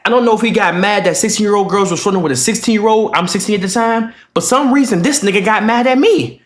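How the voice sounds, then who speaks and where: A young man vlogs a casual story-time tale, animated and profane, acting out the voices of the people in his story. He has a high voice and talks fast.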